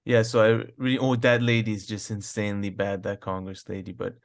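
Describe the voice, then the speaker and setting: A man co-hosting a casual political podcast, relaxed and chatty, laughing often. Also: fairly low pitch, brisk. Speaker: podcast co-host.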